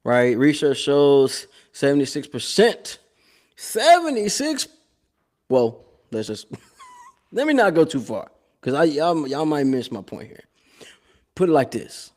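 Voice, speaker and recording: A man, hosting a live show with a casual, animated commentary monologue that repeats phrases and laughs often. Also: on the high side, unhurried, pauses often.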